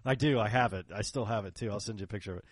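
A man's voice: on the low side, racing, breathy edge, no room sound. A man in casual chat who tells long rambling stories, acts out the other people's lines and laughs often.

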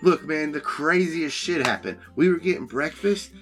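Bright-voiced man role-playing at the table. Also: a little high, moderate pace, soft background music. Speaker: tabletop game player. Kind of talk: in-character tabletop role-play.

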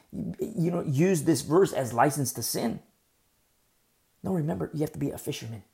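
A woman preacher with a low, creaky, warm voice gives a verse-by-verse Bible teaching. She's emphatic and rhetorical, repeating key phrases and asking "You see?" again and again.

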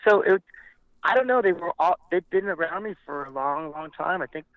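Gravelly man telling rock stories. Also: fairly high pitch, fairly quick, dry recording, dull audio. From Montebello, California. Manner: animated storyteller, acts out quoted voices, swears casually. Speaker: rock band frontman, guest. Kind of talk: storytelling in a casual interview.

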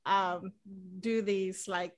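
A woman's voice: mid-range voice, steady tone, very slow. A woman interviewing an actor in a chatty way, laughing easily and using many fillers. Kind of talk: casual interview chat.

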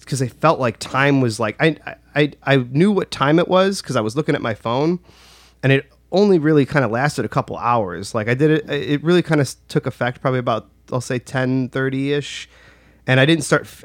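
A man's voice: mid-range voice, no room sound. A man telling a personal story in casual chat, rambling with lots of "like" and restarts. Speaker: storyteller recounting a personal experience.

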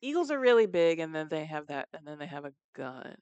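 A woman's voice: low-pitched, big pitch swings, a little fast, a little mellow, smooth, dry recording, highs cut off. A woman co-hosting a podcast, thinking aloud with some hesitation in casual banter. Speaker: podcast co-host. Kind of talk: casual chat.

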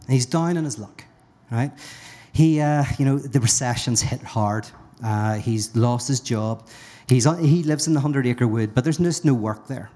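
Man, live storytelling talk, playful, rambling, self-interrupting, mid pitch. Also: normal speed, dark tone. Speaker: guest speaker. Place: brewery, live audience.

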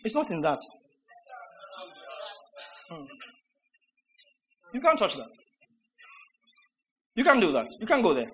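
A man preaching a sermon, emphatic and rhetorical, with mocking repetition that swings between shouted lines and low asides. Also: wildly swooping pitch, slow, long pauses, low-quality recording.

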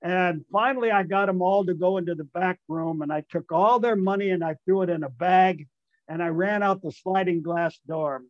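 Older male storyteller, higher-pitched, rambling and amused; dry, dull remote-call sound. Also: moderate pace, no echo. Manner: rambling, self-amused, restarts and fillers, acts out voices in quotes. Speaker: guest, retired baseball player. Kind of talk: storytelling anecdote.

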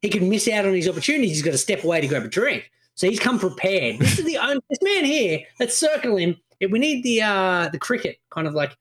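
A man co-hosting a podcast, excitable and swearing freely in casual banter. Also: high-pitched, quick pace, hardly any pauses. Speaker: podcast co-host.

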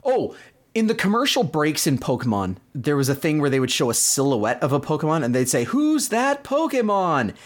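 Podcast co-host, exasperated storyteller, very lively pitch. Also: male voice, brisk. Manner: exasperated, animated retelling. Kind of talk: casual chat.

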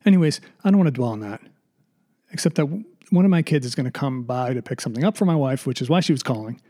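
A man's voice: mid-range voice, animated, fast talker, dark tone. A middle-aged man hosting a podcast alone, rambling and sarcastic, nervous, restarting often and swearing freely. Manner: nervous, sighing. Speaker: podcast host. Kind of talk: casual solo monologue.

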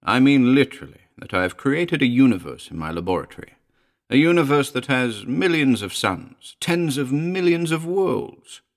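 A man's voice: medium pitch, very animated, moderate pace, voice pushed up. A man voicing a proud, mocking male scientist in an audiobook, speaking with scorn and laughter in his voice. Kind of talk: audiobook character voice.

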